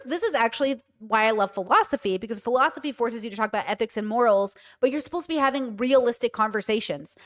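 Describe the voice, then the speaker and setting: A woman with a high voice talks casually on a live stream, reacting to a clip. She is blunt and animated, swears freely and laughs often.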